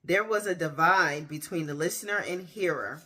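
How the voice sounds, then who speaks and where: A woman in her thirties giving a candid personal faith testimony, talking straight to her viewers with pauses and restarts. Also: on the low side, pushed and bright. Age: 30s. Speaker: faith vlogger. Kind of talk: personal faith testimony, casual talk to camera.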